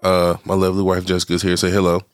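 A man's voice: low voice, monotone, fast, no room sound, studio quality. A middle-aged man hosting a casual solo podcast, sounding congested and talking in a loose, rambling way that keeps interrupting itself. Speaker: podcast host.

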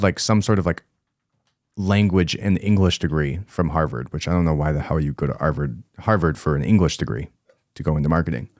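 A man's voice: low-pitched, no echo, clean studio sound. A man hosting a podcast, giving casual, emphatic commentary and repeating his points for force. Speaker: podcast host.

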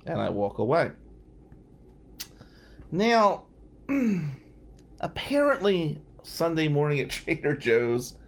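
A man from New Jersey, a defense lawyer hosting a podcast, telling a profane, wry story casually. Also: on the high side. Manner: wry, profane, animated anecdotes.

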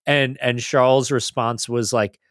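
A man's voice: mid-range voice, unhurried, no room sound, studio quality. A man co-hosting a casual podcast chat, retelling racing moments and acting out the quotes. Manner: animated storytelling, acts out quotes. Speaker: podcast co-host.

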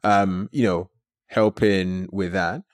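A man, a company founder, telling a story as an interview guest in an animated way, with many filler words. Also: low-pitched, slow pace, no room sound, studio quality.

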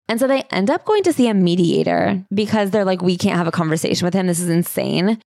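A woman co-hosting a podcast, recapping a story in quick, animated casual chat and acting out quotes. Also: mid-range voice, gravelly, dry recording, clean studio sound. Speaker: podcast co-host.

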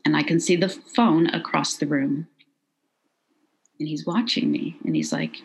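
A middle-aged woman recounting a personal story in an interview, quiet, measured and halting. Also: low voice, gravelly, slightly rough, rough recording. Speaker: guest.

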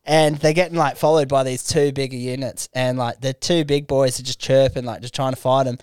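A man's voice: medium pitch, fairly even intonation, a little fast, darkish tone, clear, resonant tone, dry recording. Australian man, young, podcast host, casual crude storytelling, dry close sound. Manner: crude, laughing anecdotes.

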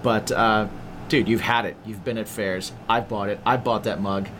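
A man's voice: on the low side, fairly even intonation, moderate pace, a bit bright, a little hiss or hum. A man co-hosting a podcast, doing sponsor reads in upbeat, casual chat. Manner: upbeat, enthusiastic, says "dude" a lot. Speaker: podcast co-host.

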